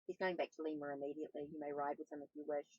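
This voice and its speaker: A woman reading as a tired, gentle priest. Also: low voice, flat delivery, rapid-fire, breathy edge, muffled recording. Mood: weary. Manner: read aloud plainly.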